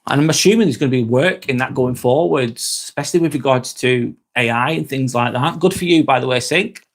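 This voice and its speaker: He's a young Lancashire man, broad-accented and from England's Northwest, reading viewer comments during a laid-back live vlog and swearing without restraint. His voice sits in the mid range and moves at a brisk clip.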